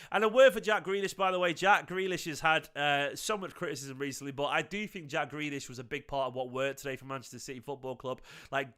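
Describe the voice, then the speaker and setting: A man hosts a football fan channel and delivers an emphatic post-match reaction, often repeating phrases to drive a point home. His voice sits a little high and sounds bright and forceful. The tone stays smooth and crisp throughout.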